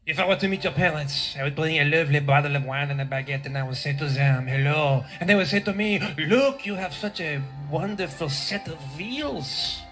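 Cheesy french charmer, high voice, all suave and playful. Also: male voice, brisk, hardly any pauses, fairly bright tone, faint music behind. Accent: put-on French. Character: smooth-talking male French dealer, self-styled lover of women. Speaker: game show dealer character.

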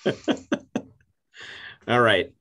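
A man's voice: drawn-out words, sharp tone, slight background noise. A man moderating a webinar panel, stammering and repeating words as he wraps up.

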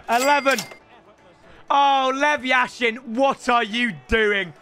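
A young man with a British accent giving excitable, shouty live commentary on his football game as a streamer, bantering with chat. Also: very high-pitched, slow, background noise. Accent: British English. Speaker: gaming streamer.

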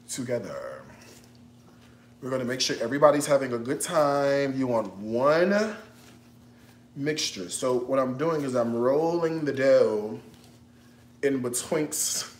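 A man with a slightly high voice hosts a casual cooking livestream, the sound roomy. He's chatty and joking, bursting into laughter as he talks.

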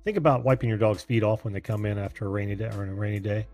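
Lower-voiced folksy host, strained. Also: male voice, steady tone, very fast, a little mellow, faint music behind. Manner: easygoing, folksy, often laughing. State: strained from back pain. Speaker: host of a call-in show. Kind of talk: casual chat.

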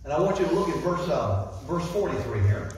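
A man's voice: a little high, very animated, a little fast, a little mellow. A man preaching a sermon as a guest speaker, folksy and repeating words as he builds his points. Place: church hall. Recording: echoey hall, distant mic, faint noise.

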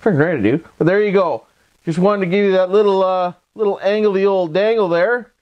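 A man's voice: high-pitched, fairly quick, muffled recording. A Canadian man with a Canadian accent doing a casual voice-over for his vlog, folksy and rambling, full of catchphrases and tag questions. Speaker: vlogger. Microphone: microphone put on for voice-over.

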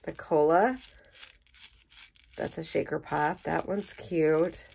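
A woman chatting casually through an unboxing, gushing with enthusiasm and dropping into soft murmured asides. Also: on the low side, steady tone, unhurried, gravelly, slightly rough. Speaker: scrapbooking vlogger.

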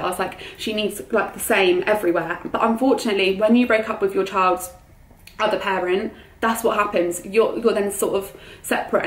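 A woman's voice: mid-range voice, roomy sound, poor audio. A young woman talking casually to camera as a vlogger, chatty and heartfelt, with plenty of ums and restarts. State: tearful at times.

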